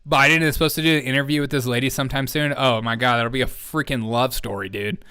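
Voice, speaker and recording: Guy hosting a comedy news stream, smooth clear voice, sarcastic, keeps cracking up at clips. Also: medium pitch, steady tone, fast talker, bright, forceful tone. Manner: sarcastic, laughing often, talking to chat. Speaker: host of a live comedy news show. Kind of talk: casual mocking commentary over clips.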